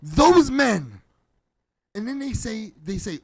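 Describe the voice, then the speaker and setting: An American man co-hosting a podcast, mocking and animated in casual comedic banter. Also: sits high, takes it slowly, creaky, pauses often. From United States. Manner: animated, mocking, loud bursts. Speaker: podcast co-host.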